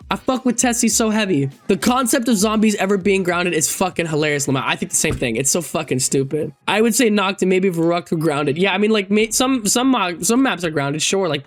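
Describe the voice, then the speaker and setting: A man around twenty, a gaming YouTuber casually reacting to forum posts, swearing freely and swinging between loud outbursts and low mutters. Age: 20s.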